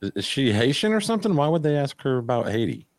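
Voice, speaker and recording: A man's voice: mid-range voice, very animated, fast, no room sound. A man co-hosting a podcast in casual chat, making sarcastic wisecracks. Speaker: podcast co-host.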